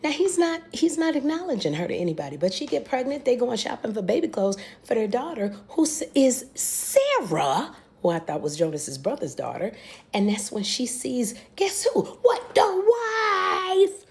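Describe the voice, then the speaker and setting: Young American woman, reaction host, casual recap, gravelly voice, warm dark tone, exclamatory. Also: on the high side, normal speed. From United States. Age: young adult. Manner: animated, exclamatory storytelling with blunt asides.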